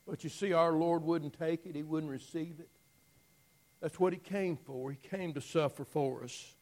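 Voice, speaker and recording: A man preaching a dramatic storytelling sermon, swinging from loud declaiming to hushed, near-whispered lines. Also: a little high, fairly even intonation, low-quality recording. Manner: slow, drawn-out phrasing with long pauses.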